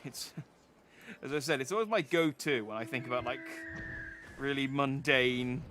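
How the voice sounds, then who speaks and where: A man's voice: mid-range voice, measured pace, noisy background. A man streaming a video game, chatting casually and rambling, often restarting his sentences. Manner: rambling, self-interrupting, chatty. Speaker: vtuber streamer.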